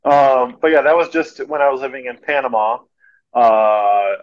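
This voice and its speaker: A male podcast guest telling stories in a relaxed, casual way. He is animated and anecdotal, with a voice of ordinary pitch. His audio sounds a little muffled and lo-fi. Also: normal speed. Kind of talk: casual storytelling.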